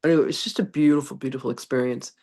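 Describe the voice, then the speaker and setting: Woman, congested, psychic medium, reverend, casual spiritual lesson, fry in the voice. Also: extremely low pitch, racing. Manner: chatty, animated anecdotes with frequent laughter. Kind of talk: casual storytelling, then reading a channeled message.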